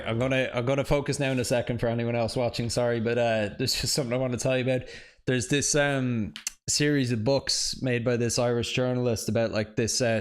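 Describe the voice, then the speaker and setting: A man chatting casually on a livestream while racing, answering viewers and often apologizing mid-sentence. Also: medium pitch. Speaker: sim racing streamer.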